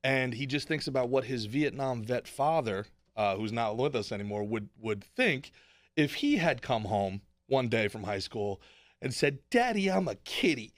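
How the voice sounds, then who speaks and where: Male podcast host, comedian, teasing, mid-pitched, dry. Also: normal speed, no echo. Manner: teasing, joking, animated. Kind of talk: casual podcast chat.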